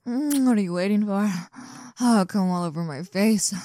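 A woman's voice: mid-range voice, unhurried, mellow, no room sound, clean studio sound, close to an everyday voice. A young woman voicing a cocky, domineering muscular college woman in an intimate audio role-play, teasing and mocking with frequent giggles. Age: young adult.

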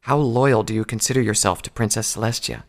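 A man voicing a secretive stallion spy who talks gravely and carefully in a storybook reading. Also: lowish voice, fairly quick, lightly acted. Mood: guarded. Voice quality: grave, guarded.

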